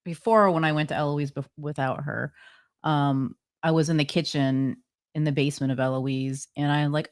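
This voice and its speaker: A woman's voice: low-pitched, steady tone, normal speed, smooth. A woman co-hosting a podcast, telling her stories in a chatty way with lots of fillers and laughs. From New Jersey. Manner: chatty storyteller, laughs often, many "like" fillers. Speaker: co-host, paranormal investigator. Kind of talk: casual podcast chat.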